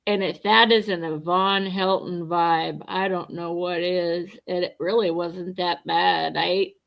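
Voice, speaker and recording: A woman's voice: on the low side, fairly even intonation, measured pace, gravelly, lo-fi sound. A middle-aged woman livestreaming, chatting bluntly and answering her viewers' comments as she goes. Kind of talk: casual livestream chat.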